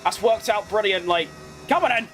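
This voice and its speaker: A man talking through his racing game in a very high, bright voice. He chats along casually, then jumps into excited shouts whenever things get close, and swears freely. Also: normal speed, soft background music. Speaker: gaming creator. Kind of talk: live gameplay commentary.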